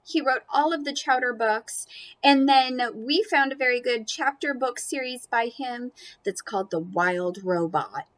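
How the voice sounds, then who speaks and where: A woman reading a picture book aloud to children, animated and playful, with chatty asides about the pictures. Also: sits high, unhurried. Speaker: storybook reader.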